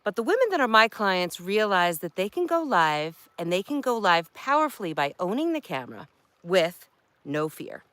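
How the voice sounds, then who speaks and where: A New York woman, a marketing coach and live streamer, chats directly to the phone she holds in her hand while outdoors by a creek, in a casual talking-head vlog. Her voice is on the low side with a fairly bright tone, and there's no echo.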